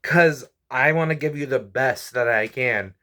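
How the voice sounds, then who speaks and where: A man's voice: mid-range voice, a little slow, bright, forceful tone. Frustrated young man venting with sighs. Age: 20s. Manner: frustrated, rambling, sighing, apologetic. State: stressed and weary. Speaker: YouTuber and comedian. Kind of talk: venting vlog to camera.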